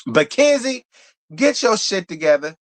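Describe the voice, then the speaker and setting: A man's voice: sits high, sing-song, a little slow. Sassy man recapping reality TV. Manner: sassy, blunt, talks straight to viewers. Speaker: reality show reviewer. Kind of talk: live stream recap chat.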